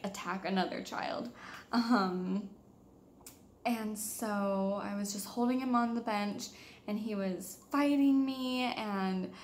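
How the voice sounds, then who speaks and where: A woman's voice: medium pitch, a little hiss or hum. A young woman in her twenties, a mother vlogging, telling a personal story in a candid, casual way with many fillers.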